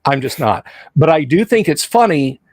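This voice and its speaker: A middle-aged American host chatting on a live stream, wandering through his stories with asides and repeated false starts. His voice sits a little high for a man. The sound is dry and close, with no room echo. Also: big pitch swings, moderate pace, darkish tone. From United States. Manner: rambling storyteller, frequent restarts and asides. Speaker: podcast host. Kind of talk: casual live-stream chat.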